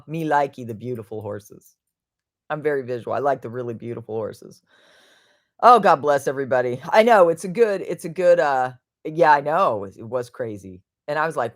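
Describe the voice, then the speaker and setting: A woman hosts a casual livestream, talking in a lowish voice that rises and falls a lot. She rambles from one thought to the next and greets viewers by answering their comments. Her tone stays chatty and informal throughout. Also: no echo, clean studio sound. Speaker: livestream host.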